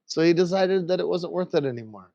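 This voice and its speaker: A man's voice: fairly high pitch, animated, gravelly, mellow, no echo, highs cut off. A man narrating a tabletop game as game master, telling the scene in a crude, joking way. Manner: crude, laughing, drawn-out storytelling.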